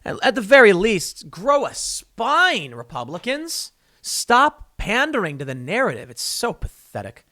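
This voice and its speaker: A man talking in a rather high voice that swoops and jumps with animated emphasis, as if he were performing every line. He hosts his own commentary show and speaks sarcastically in a dry, close-miked monologue. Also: measured pace, no echo. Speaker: show host.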